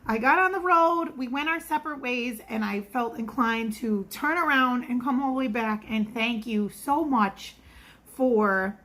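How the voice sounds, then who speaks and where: Gushing grateful woman customer, high bright voice, effusive, as a vlogger quotes her. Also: a little slow.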